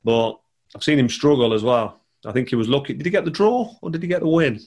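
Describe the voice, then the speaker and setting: A man's voice: mid-range voice, fast talker, a little mellow. A man, chatting casually over a call, rambling and repeating words. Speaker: podcast guest, former boxer. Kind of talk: casual chat.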